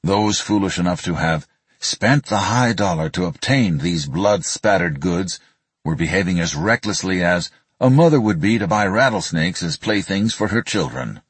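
A man reading a nonfiction book aloud in a measured, even storytelling manner. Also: sits low, husky, dry recording. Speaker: audiobook narrator. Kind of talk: scripted nonfiction narration.

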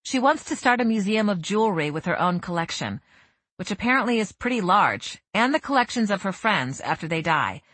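A woman's voice: medium pitch, big pitch swings, a little fast, fairly bright tone, dry recording. A woman reading an audiobook voices a middle-aged fundraiser in a polite, professional tone.

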